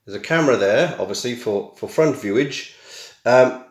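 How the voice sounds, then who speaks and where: With a mid-range voice, lively intonation, and a moderate pace, a middle-aged British man chats casually through a home unboxing. He's a tech vlogger full of wry, self-deprecating asides, and his camera mic gives a reverberant sound in the small room.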